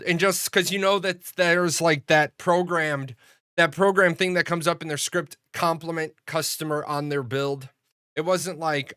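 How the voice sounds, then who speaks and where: A man's voice: high voice, brisk, sharp tone, dry recording, clean studio sound. A man streaming live and chatting casually, telling stories in a rambling way with plenty of swearing and restarts. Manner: rambling storyteller, swears freely, frequent restarts. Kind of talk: casual livestream chat.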